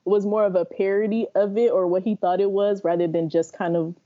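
A woman's voice: mid-range voice, fairly quick, lo-fi sound. A woman from the Bay Area, a podcast guest chatting casually and animatedly, often laughing. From San Francisco Bay Area. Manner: animated, laughing, talks in long runs. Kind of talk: casual chat.

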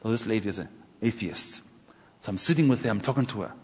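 A man preaching a sermon, telling stories and acting out conversations in an animated way. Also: lowish voice, husky. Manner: animated, acts out dialogue with pauses and exclamations. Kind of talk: sermon storytelling. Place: church. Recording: echoey church hall.

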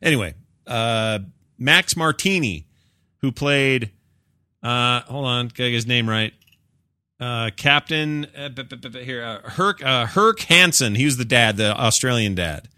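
A man's voice: medium pitch, a little slow, no room sound, studio quality. A man co-hosting a casual movie review chat, opinionated and rambling. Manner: opinionated, rambling, animated riffs. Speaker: podcast co-host.

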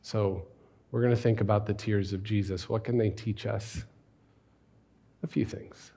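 A man's voice: fairly low pitch, fairly even intonation, normal speed. Conversational man preaching a sermon. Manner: conversational, questioning, drops to a hush on key words. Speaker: pastor.

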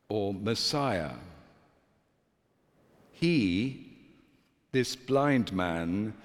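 A man, a priest, preaching a sermon in a measured, deliberate way with dramatic pauses. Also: on the low side, fairly bright tone. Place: church. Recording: long church reverb.

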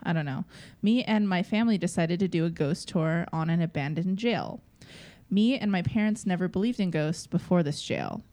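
Woman reading a listener email on a chill podcast, low mellow voice, dry asides. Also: sing-song, moderate pace. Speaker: podcast co-host.

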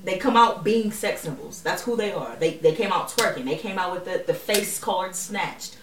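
A woman co-hosting a podcast in casual chat, talking in an animated, slangy way and laughing often. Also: fairly low pitch, normal speed, roomy sound, recorded from a distance. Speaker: podcast co-host.

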